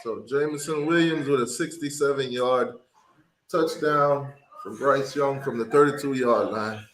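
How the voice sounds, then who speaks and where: A man hosting a watch party, giving casual play-by-play commentary and getting loud and excited on big plays. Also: medium pitch, unhurried, roomy sound, slight background noise, poor audio.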